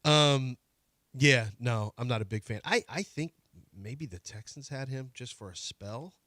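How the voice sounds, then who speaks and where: A man hosting a sports radio show, chatting casually and telling stories with lively mimicry. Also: medium pitch, measured pace, no echo. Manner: animated storyteller, mimics his shouting son.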